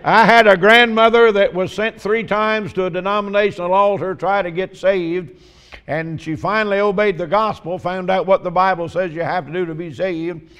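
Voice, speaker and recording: A man preaching a sermon, telling folksy humorous stories and asking drawn-out emphatic questions. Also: high-pitched, steady tone, a bit bright, clean tone.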